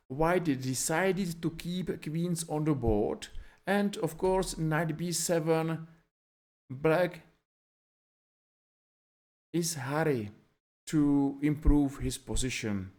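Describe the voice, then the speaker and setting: Man, chess game analysis, unhurried delivery, somewhat high voice, plain phrasing with fillers. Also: a little mellow. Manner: calls out moves one by one with frequent fillers, in simple non-native phrasing. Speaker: chess commentator.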